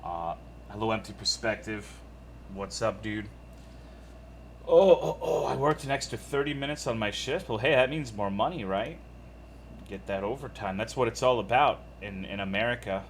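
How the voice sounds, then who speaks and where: A low-voiced man chatting to his live-stream audience in an easy, unhurried way. He reels off viewer names and thanks people as he goes, dropping casual profanity throughout. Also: fairly bright tone, a little hiss or hum. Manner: laid-back, profane, reads viewer names in a run. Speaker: streamer greeting chat.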